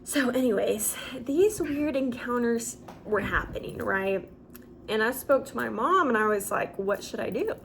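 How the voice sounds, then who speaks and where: Young woman, story-time vlog, casual and animated, filler words, faint hiss. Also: fairly high pitch, measured pace, vocal fry, low-quality recording. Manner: chatty and animated, with many fillers. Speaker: vlogger.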